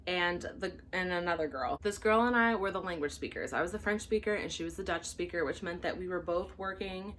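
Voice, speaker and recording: A woman who hosts her own vlog as a flight attendant, telling a story casually with an animated, exasperated manner and some swearing. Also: fairly low pitch, fairly quick, few pauses, slight background noise.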